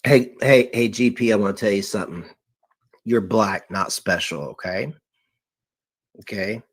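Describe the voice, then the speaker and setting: A man's voice: fairly low pitch, measured pace. A man in a clip from a livestream, lecturing the other person confrontationally. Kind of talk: livestream talk, played clip.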